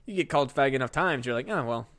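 A man's voice: mid-range voice, rapid-fire, fairly bright tone. A man co-hosting a comedy podcast, talking in a laid-back, sweary way. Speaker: podcast co-host. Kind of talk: casual chat.

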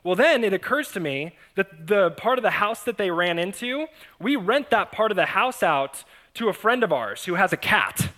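A man's voice: high voice, moderate pace, few pauses. A man preaching to his congregation, telling a personal story with humor and frequent laughs, acting out the voices of the people in it. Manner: animated, self-mocking, laughs often. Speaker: pastor. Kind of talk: storytelling sermon.

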